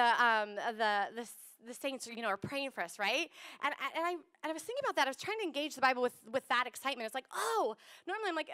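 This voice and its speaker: Woman pastor, high voice, casual sermon, animated acted-out voices, video call. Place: church service streamed on video call.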